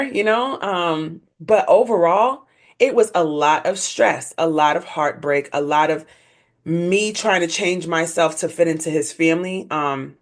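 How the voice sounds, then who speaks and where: A young woman, a podcast guest, telling her story in candid conversation, voice leaping up when she acts out others. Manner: animated, leaps high in pitch when acting out others.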